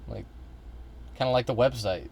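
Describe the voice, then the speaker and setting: A young man chats through a reaction stream, rambling and restarting his sentences, often with a casual swear. His voice sits at an ordinary middle pitch for a man. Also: normal speed, gravelly, darkish tone, slightly rough.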